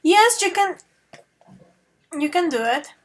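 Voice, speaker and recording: A woman with a high voice teaches an online grammar class, switching between English and Spanish. She stretches her example sentences out slowly and keeps calling her students affectionate pet names. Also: sing-song, a bit bright. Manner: slow, drawn-out model sentences.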